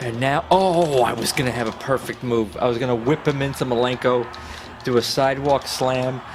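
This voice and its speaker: Excitable, swearing male streamer. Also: medium pitch, moderate pace, noisy background. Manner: excitable, swearing, trash-talking the game. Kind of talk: profane live gameplay commentary.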